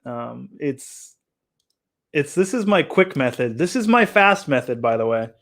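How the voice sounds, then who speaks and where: A man's voice: mid-range voice, sing-song, a little slow, fairly bright tone. A man hosting a casual live hobby tutorial, chatting and joking with his viewers as he works. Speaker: hobbyist streamer.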